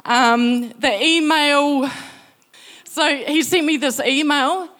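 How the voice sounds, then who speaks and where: A woman's voice: high voice, slow, fairly bright tone. A woman telling a personal faith testimony, acting out the voices she quotes. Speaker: speaker sharing faith story.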